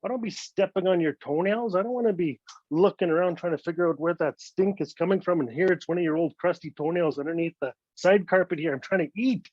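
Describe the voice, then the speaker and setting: A storyteller from Northern Canada telling a comic tale with playful asides and frequent tag questions. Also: male voice, high-pitched, quick pace, darkish tone, no room sound. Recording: dull, dry lo-fi recording.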